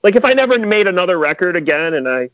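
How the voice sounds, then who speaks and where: A man producer in casual interview chat, animated and full of filler words. His voice sits a touch high. The recording is dry and dull, like lo-fi podcast audio. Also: fast, no room sound. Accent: Metro Detroit. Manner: animated storyteller, many "like" fillers. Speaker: music producer.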